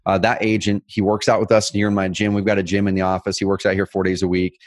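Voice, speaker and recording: A man co-hosting a casual business chat, telling stories with lively energy. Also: sits low, no room sound. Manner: energetic, fast, animated storytelling. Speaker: co-host.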